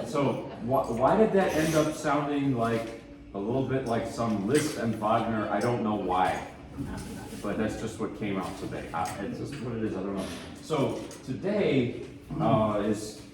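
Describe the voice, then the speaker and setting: A man introducing pieces at a piano recital, relaxed and rambling, with self-deprecating asides. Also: medium pitch. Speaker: pianist giving a lecture recital. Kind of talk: casual spoken introductions between pieces. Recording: echoey room, mic at a distance.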